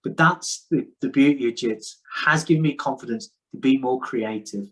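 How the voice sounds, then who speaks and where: A middle-aged man talks in a loose, candid way, restarting his sentences and swearing now and then. His voice sits at an ordinary middle pitch for a man. He is speaking outdoors. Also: normal speed, a bit bright, breathy edge, low-quality recording. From United Kingdom. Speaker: podcast guest. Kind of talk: casual conversation. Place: outdoors in the sun.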